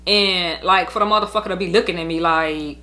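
Woman podcaster, bright forceful voice, rambling and profane, lots of "like" fillers. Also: on the low side, a little fast. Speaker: podcast host telling her own story. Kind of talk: casual venting monologue.

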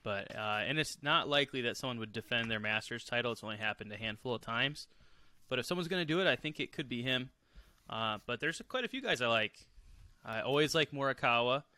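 A man co-hosting a sports podcast, speaking in a relaxed, explanatory way with plenty of filler pauses. His voice is very bright and the recording is dry and close. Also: mid-range voice, no echo. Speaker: podcast co-host. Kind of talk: casual sports podcast chat.

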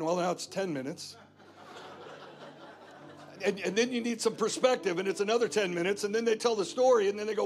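A man's voice: sits high, a little fast. A man preaching a sermon as guest pastor, emphatic and repetitive, driving points home again and again. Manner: emphatic preaching with repeated phrases. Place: church.

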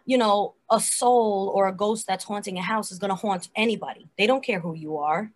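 An animated, chatty woman talking through her favorite scenes of a TV episode in a relaxed podcast conversation. Her voice sits at an ordinary middle pitch, and her speech is full of casual fillers. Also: a little fast. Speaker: podcast co-host. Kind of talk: casual chat reviewing a TV episode.

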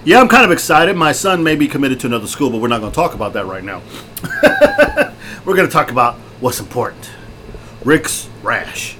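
Man, middle-aged, podcast co-host, jokey and loud, very animated voice, faint hiss. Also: a little high, moderate pace. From Texas. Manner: loud, jokey and excitable, laughs often. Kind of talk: casual chat. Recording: faint background noise.

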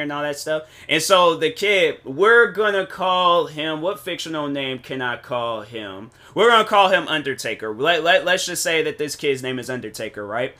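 A young man telling a long story on his podcast in a loose, meandering way, circling back again and again with "so anyways." His voice sits a little high for a man and sounds bright and forceful. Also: normal speed. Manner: rambling, with many restarts and "so anyways" asides. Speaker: podcast host. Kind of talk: casual storytelling monologue.

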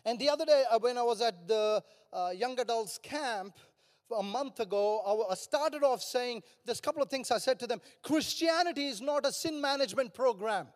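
High-voiced older preacher in a reverberant hall. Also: male voice, expressive, moderate pace. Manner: passionate, rising to shouts. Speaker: pastor. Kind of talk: sermon.

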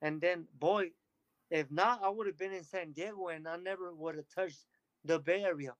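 A man talking as a podcast guest, telling energetic stories and acting out what others said to him. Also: high-pitched, moderate pace, dry recording, poor audio. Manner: energetic storytelling, quotes others in lively bursts. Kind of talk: casual interview chat.

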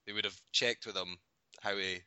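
A man's voice: fairly low pitch, fairly even intonation, normal speed, pushed and bright, clear, resonant tone, no echo. A Scottish man co-hosting a casual football podcast, rambling with restarts and laughing often. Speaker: podcast co-host. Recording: dull lo-fi audio.

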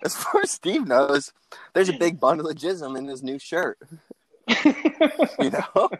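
A man's voice: a little high, expressive, unhurried, a bit bright, no echo. A man casually telling a funny story from his teens, often breaking into laughter.

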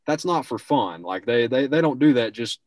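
A man's voice: mid-range voice, animated, moderate pace, darkish tone, dry recording. A young man co-hosting a casual sports talk show, giving rambling, opinionated takes and restarting his sentences often.

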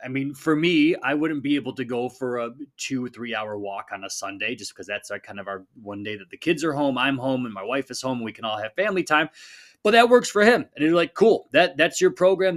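A man in his thirties hosting a solo fitness podcast, talking in a casual, energetic coaching tone and acting out little quoted voices. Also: mid-range voice.

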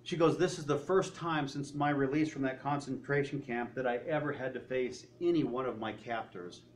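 Man, preacher, sermon storytelling, quoted speech, trails off softly. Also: mid-range voice, moderate pace, a little hiss or hum.

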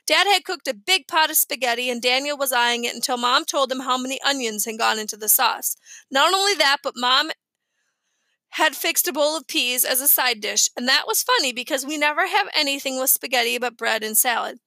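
Woman, storybook narration, lively, dry close recording. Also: high-pitched, brisk, no echo. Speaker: reader. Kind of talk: audiobook narration.

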